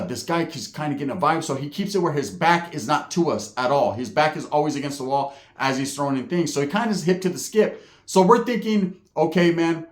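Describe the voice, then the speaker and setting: In a roomy-sounding space, a Californian man with a fairly high voice tells a prison story. His delivery is casual street slang, peppered with profanity and asides of "right?"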